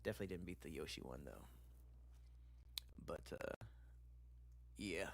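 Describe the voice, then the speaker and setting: A man's voice: low-pitched, lively intonation, normal speed. A man streaming casually, chatting loosely with slang and swearing while he reacts to videos and reads viewer comments.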